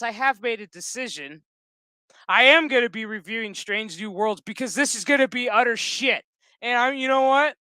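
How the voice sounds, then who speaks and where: A man streaming a TV review as a furious, foul-mouthed rant with loud outbursts. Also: very high voice, smooth, dry recording, studio quality. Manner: heated, swearing constantly, loud outbursts. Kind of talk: profane angry rant.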